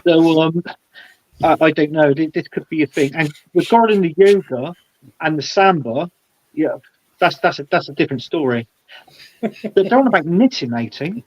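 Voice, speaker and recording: A man's voice: fairly high pitch, lively intonation, normal speed, pauses often, darkish tone, no echo, lo-fi sound. A man guesting on a casual football chat show, giving blunt, heated opinions with lots of stumbling restarts. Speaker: podcast guest.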